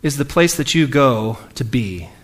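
A man preaching a sermon in a relaxed, conversational way, acting out the lines of the people in his story. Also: mid-range voice, a little slow. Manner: lively, conversational, acts out quoted lines.

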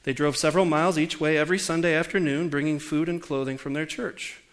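A man's voice: fairly high pitch, steady tone, fast, a bit bright. A man in his forties, a pastor preaching a conversational sermon and putting questions to the congregation. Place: church.

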